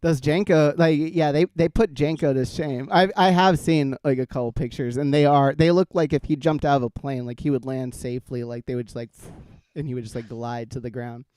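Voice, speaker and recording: Mellow, smooth-voiced man chatting casually. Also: medium pitch, fairly even intonation, brisk, no echo. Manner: laughing often, rambling with many fillers. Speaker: podcast host. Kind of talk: casual chat.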